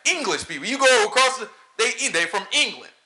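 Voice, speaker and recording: This Bible study teacher, a man with a country Southern American accent, speaks in a very high, sing-song voice that's bright, forceful and a little fast. Leading an informal Sabbath lesson, he peppers listeners with rhetorical questions and laughs a lot. The recording has an echoey room sound.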